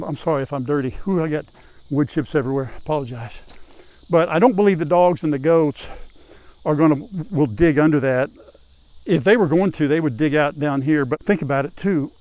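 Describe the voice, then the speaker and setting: A man's voice: darkish tone, no echo. An older man vlogging outdoors on his farm, chatting casually to viewers while he works around an animal pen. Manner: folksy, chatty, calls out to animals in a high coaxing voice. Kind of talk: casual farm vlog, talking to camera while working.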